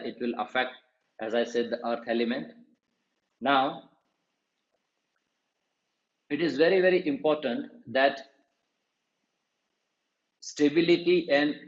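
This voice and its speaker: Guy explaining chanting step by step, kinda muffled and echoey. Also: mid-range voice. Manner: slow, patient explaining with repetitions. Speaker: meditation teacher. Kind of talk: spoken lesson on chanting. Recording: dull, roomy sound.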